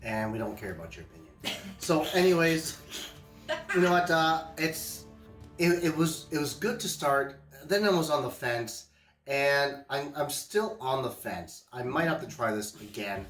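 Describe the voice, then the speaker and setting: A man's voice: mid-range voice, moderate pace, reverberant, faint music behind. A man hosting a casual beer-tasting show, joking and leading the talk. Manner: joking, animated, leads the segments. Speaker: podcast host. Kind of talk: casual chat.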